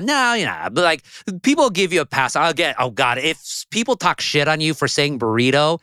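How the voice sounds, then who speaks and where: Man, podcast guest, higher pitch, lively, profane teasing banter. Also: a little fast, hardly any pauses, clear, resonant tone, dry recording, studio quality. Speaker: podcast guest, food journalist. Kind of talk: casual chat.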